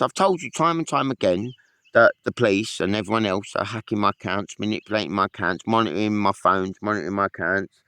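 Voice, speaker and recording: A man's voice: lowish voice, fairly bright tone, dry recording, studio quality. A man in a casual monologue to camera, rambling and aggrieved, swearing often. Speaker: vlogger.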